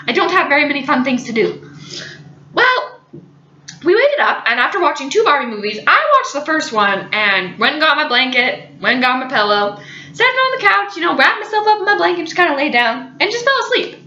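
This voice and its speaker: A young woman, a college student, telling a funny story in an animated, dramatic way. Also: high voice, a little fast, roomy sound, lo-fi sound. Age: young adult. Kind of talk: storytelling vlog.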